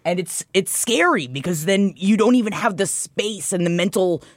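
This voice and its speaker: A woman's voice: medium pitch, lively intonation, normal speed, no room sound, clean studio sound. A young woman co-hosting a podcast, chatting earnestly and casually, with the odd swear word. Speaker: podcast co-host. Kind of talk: casual chat.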